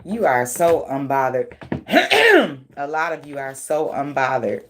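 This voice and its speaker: Slow, low-voiced woman giving a blunt tarot reading. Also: big pitch swings, fairly bright tone, slight background noise. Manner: blunt and profane, laughs often; slangy, teasing. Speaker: tarot reader. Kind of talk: casual tarot reading chat.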